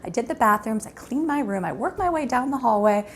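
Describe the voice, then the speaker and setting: A woman's voice: on the high side, lively intonation, fairly quick, a little hiss or hum. A woman in her thirties chatting casually to the camera at home, rambling along with many fillers. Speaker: vlogger, mother of a large family.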